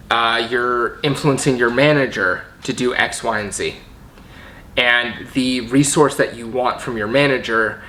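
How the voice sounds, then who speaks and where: Guy teaching coaching steps, bright forceful voice, keeps saying right?, faint hum behind. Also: mid-range voice. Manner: explanatory, often checks in with "right?". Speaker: coaching trainer. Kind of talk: teaching video.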